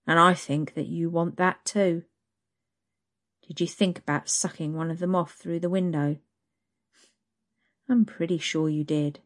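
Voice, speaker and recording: A woman's voice: on the low side, lightly acted. Woman voicing a smug, teasing male coworker. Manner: taunting, knowing.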